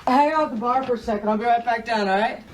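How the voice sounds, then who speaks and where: A woman's voice: on the high side, fast talker, a little hiss or hum, close to an everyday voice, poor audio. A woman playing a flustered teen boy. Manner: flustered, sighing, making excuses. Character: young teen boy greeting a visitor at home.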